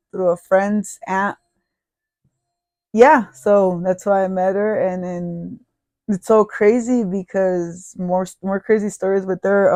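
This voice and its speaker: A podcast host tells a personal story in casual, rambling fashion, swearing freely and restarting sentences. The pitch sits in a middle range. The sound is dry and close, with no room echo. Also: a little mellow.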